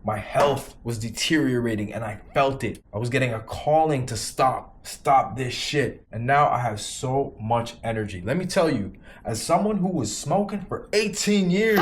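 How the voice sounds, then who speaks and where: A man's voice: mid-range voice, a little hiss or hum. A man in his thirties giving an emphatic motivational talk to camera, repeating lines for punch and swearing casually. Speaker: vlogger giving quit-weed advice.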